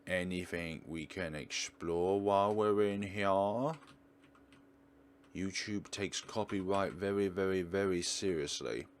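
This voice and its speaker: A man's voice: low voice, takes it slowly, slight background noise. A man hosting a let's play, giving chatty, rambling gameplay commentary with jokes.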